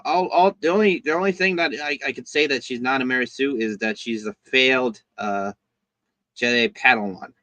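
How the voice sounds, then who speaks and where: Host note: man, rambling casual reviewer, bright forceful voice, dry close mic. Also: medium pitch, no room sound. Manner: rambling, halting, with lots of fillers and restarts.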